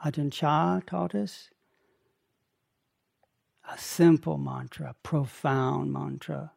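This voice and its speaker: Slow, gravelly-voiced older male meditation teacher. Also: a little high. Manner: slow, gentle, pausing between short phrases. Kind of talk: guided meditation talk.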